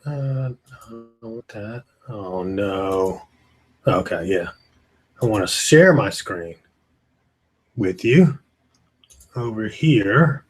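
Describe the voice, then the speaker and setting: A man's voice: lowish voice, animated, extremely slow, long pauses, husky. A man hosting a live online session, chatting casually and rambling, tired and yawning, talking into a webcam. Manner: chatty, rambling, greets viewers by name. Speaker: online course host. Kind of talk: casual live webinar talk. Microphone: webcam with screen beside it.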